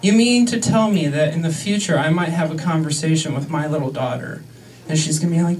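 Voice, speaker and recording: A man's voice: a little high, a little fast, a little mellow, distant mic, slight background noise, low-quality recording. A young man in his twenties doing a stand-up set in a comedy club, sarcastic and crude with mock-outraged asides.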